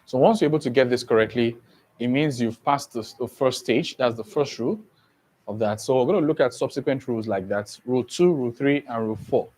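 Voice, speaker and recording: A man's voice: mid-range voice, a little fast, a little mellow. A man giving an exam-prep lesson who keeps asking the class questions and repeating key points. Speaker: teacher.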